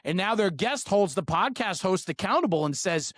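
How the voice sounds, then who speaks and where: A man's voice: sits high, animated, normal speed, few pauses, fairly bright tone, no room sound, studio quality. A man hosting a fire service podcast, talking bluntly in a fired-up way and swearing freely. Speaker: podcast host. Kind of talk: casual podcast conversation.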